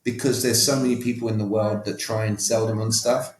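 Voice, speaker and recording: A man with a somewhat low voice talks as a podcast guest in an emphatic, coaching manner. He keeps stopping to check that his listener is following him. The room around him adds a noticeable echo. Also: little pitch movement, a little fast. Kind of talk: conversational interview.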